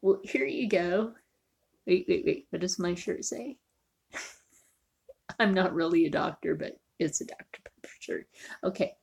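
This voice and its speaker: A woman's voice: medium pitch, gravelly, a little mellow, slightly rough. A woman chatting casually in a cooking vlog, joking and often dropping to a near whisper. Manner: chatty, jokey, sometimes drops to a near whisper. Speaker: vlogger.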